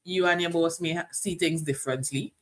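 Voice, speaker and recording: A woman co-hosting a live relationship talk show, talking straight to her viewers in animated casual chat. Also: on the low side, a little fast. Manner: animated, addresses viewers directly.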